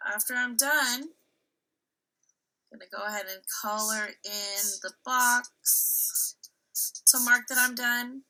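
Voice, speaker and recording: A woman's voice: a little high, slow pace, pauses often, sharp tone, rough recording. A woman teacher giving a remote reading lesson to young children, patient and step-by-step, often checking in with "right?".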